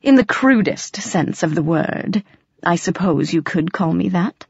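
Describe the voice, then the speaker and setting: A woman voicing an enormous lazy gray male cat who speaks slowly in an amused, purring way. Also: on the low side, animated, husky, no room sound, muffled recording, heavily acted.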